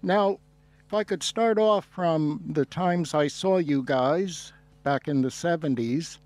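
A man's voice: on the high side, slow, a little mellow, no room sound. A man hosting a casual radio interview, reminiscing in a rambling way with many restarts. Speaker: radio host.

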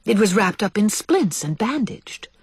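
A woman narrating a children's storybook aloud, expressive and hushed in tense parts. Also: medium pitch, unhurried, husky, no echo. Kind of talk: storybook reading.

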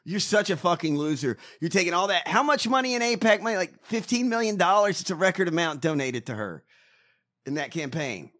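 A man's voice: high-pitched, sing-song, a little fast, fairly bright tone. A man in casual political podcast chat, mocking and ranting with lots of swearing. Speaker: podcast co-host.

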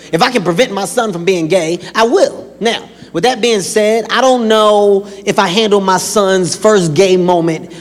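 A man performing a stand-up comedy set, telling animated stories and acting out characters with sudden shouts, in a large live venue. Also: high-pitched. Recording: echoey live hall with crowd noise. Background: audience laughter.

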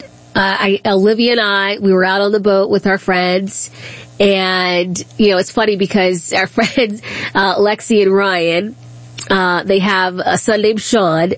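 A woman's voice: medium pitch, no room sound. A woman hosting a talk radio show, telling a story in a chatty way. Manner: chatty, storytelling, laughs easily. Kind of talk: casual talk radio monologue. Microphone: studio microphone.

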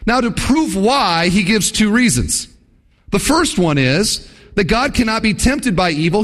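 A man's voice: sits high, fairly bright tone. A man preaching an expository sermon in a church hall, earnest and full of rhetorical questions. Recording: long hall reverb.

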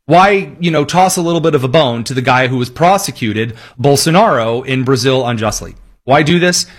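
A man's voice: mid-range voice, a bit bright. A man delivering solo political commentary in an emphatic tone, with sarcastic asides. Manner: emphatic, sarcastic asides, mock pleading voices for quotes.

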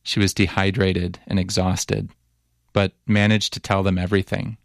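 A man narrating a documentary story as reporter in a measured, even way, also asking interview questions. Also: sits low, creaky, no room sound, studio quality.

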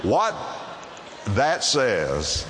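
Preacher, male, mid-pitched, animated delivery, emphatic, asks rhetorical questions; church hall with long echo. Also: extremely slow, noisy background. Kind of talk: sermon.

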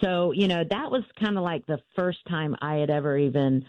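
A woman's voice: deep voice, normal speed, highs cut off. Earnest woman author recounting family history. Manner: earnest, with frequent fillers and restarts. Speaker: author and interview guest. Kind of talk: personal storytelling in an interview.

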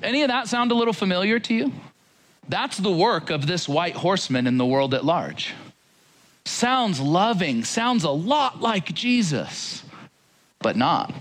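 A man preaching in a relaxed, talk-to-you-directly way, his voice a bit higher than most men's. His pitch swings widely as he makes each point, and he keeps the tone casual while teaching from scripture. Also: a little slow. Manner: animated, conversational, addresses listeners directly. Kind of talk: casual sermon-style Bible teaching.

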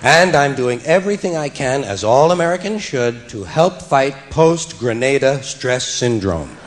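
A man doing a stand-up routine in a wry, deadpan way. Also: mid-range voice, unhurried, slight background noise. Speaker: stand-up comedian.

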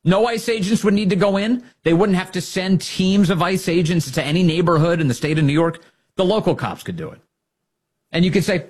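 A man hosting a political commentary show, talking in an animated, mocking way. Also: sits high, a little fast, breathy edge. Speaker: show host.

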